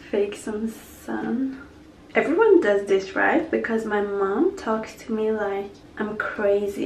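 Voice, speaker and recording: A woman's voice: mid-range voice, takes it slowly, creaky, darkish tone, recorded from a distance, slight background noise. A young woman vlogging casually while getting ready, chatty and self-mocking, slipping into whispers now and then, and a bit sick with a cold. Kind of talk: casual vlog chat. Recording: roomy echo, camera set back.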